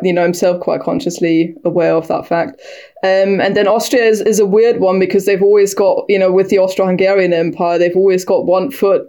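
Brief: woman guest historian, flat delivery, lower voice, long winding explanations. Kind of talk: expert conversation.

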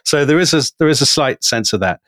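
A British man co-hosting a podcast, telling a history story in an animated way. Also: on the high side, fast, no echo. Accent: British English. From Britain. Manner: animated, storytelling, quotes figures with emphasis. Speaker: podcast co-host.

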